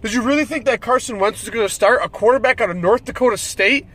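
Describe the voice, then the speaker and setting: A man's voice: extremely high pitch, quick pace, a bit bright. A man ranting about football as a fan commentator, irritated and swearing freely. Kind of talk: solo sports rant.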